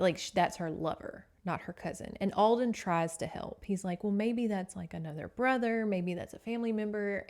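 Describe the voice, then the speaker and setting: A woman's voice: on the low side, a little mellow. A woman hosting a podcast, casually recapping a novel with sass and swearing. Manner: chatty, sassy, swears freely. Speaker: podcast host.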